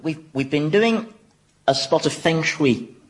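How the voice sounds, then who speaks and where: A man's voice: on the high side, animated, slow pace, breathy edge, full character voice. An actor playing a sly, world-weary male devil in a radio comedy, drawling and mocking.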